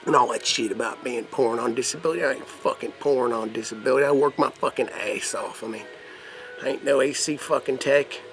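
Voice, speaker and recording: A man's voice: medium pitch, fairly quick, a bit bright, soft background music. A man reviewing vape mods in a rambling, profane vlog, putting on a crude redneck persona. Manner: put-on rough redneck persona. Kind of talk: casual product demo vlog.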